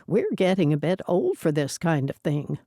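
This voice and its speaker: A woman's voice: low voice, wildly swooping pitch, normal speed, mellow, no echo, studio quality, heavily acted. A woman voicing a blunt, irritable elderly Amish sister.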